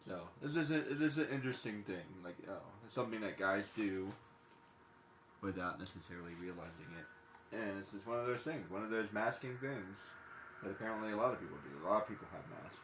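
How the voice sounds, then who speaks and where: A man streaming live, chatting casually and rambling with lots of fillers as he talks fast. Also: on the low side, fairly bright tone, slight background noise. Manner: rambling, filler-heavy, self-reflective; quick-talking. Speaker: livestreamer. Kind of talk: casual live-stream chat while gaming.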